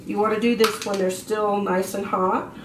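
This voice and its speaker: Woman, home cook, casual cooking demo, mid pitch, distant camera mic, echoey kitchen, tap water behind. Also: steady tone, normal speed, background noise. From half Australian. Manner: chatty, explains as she cooks, many fillers.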